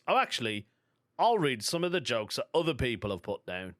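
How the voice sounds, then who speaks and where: A man's voice: medium pitch, sing-song, unhurried, long pauses, a bit bright, dry recording, studio quality. A man with a Birmingham accent hosting a solo comedy podcast, chatty and self-amused, reading jokes aloud and laughing at them. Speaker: podcast host.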